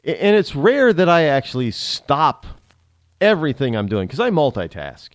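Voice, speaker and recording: A man's voice: a little high, moderate pace, dry recording. A man hosting a talk show, delivering a rambling casual monologue with lots of restarts and repetition. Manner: animated, rambling, repeats himself and spells out names.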